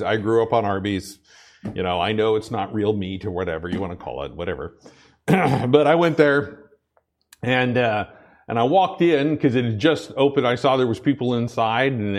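A man preaching a sermon, telling a rambling personal story with many restarts before turning to scripture with rising emphasis. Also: medium pitch.

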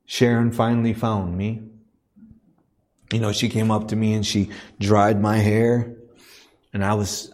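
A man preaching as a missionary in a church, telling a personal story in an earnest, halting way that builds to a preaching cadence. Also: fairly low pitch, flat delivery, darkish tone.

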